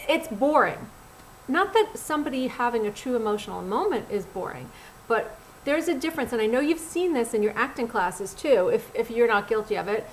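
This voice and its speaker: A middle-aged Los Angeles casting director coaches actors, speaking blunt, animated acting tips straight to camera in a casual way. Her voice sits a little high at a moderate pace, and the poor audio carries a faint ambient hum.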